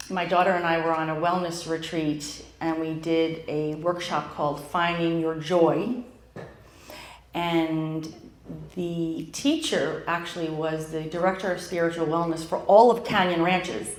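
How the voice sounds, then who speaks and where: A woman's voice: low voice, steady tone, slow. A middle-aged woman hosting a live event, speaking in a chatty, heartfelt way with frequent fillers and restarts. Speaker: host and club founder. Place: in-person event room. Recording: roomy echo of a live venue.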